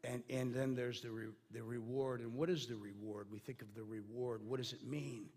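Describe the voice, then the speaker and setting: A man's voice: mid-range voice, level tone, normal speed, vocal fry, a little mellow. A man preaching a sermon in a conversational way, with many fillers and restarts. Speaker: pastor.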